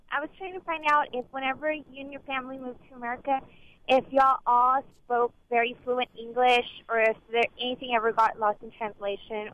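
Woman caller, hesitant and rambling, higher flat voice over a tinny phone line.

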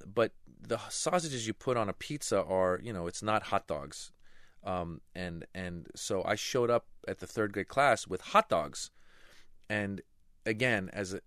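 Middle-aged male comedian from Iran, animated anecdotes, fairly low voice, close and dry. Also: dry recording. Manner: lively, acts out voices in anecdotes. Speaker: stand-up comedian guest. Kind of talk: animated storytelling interview.

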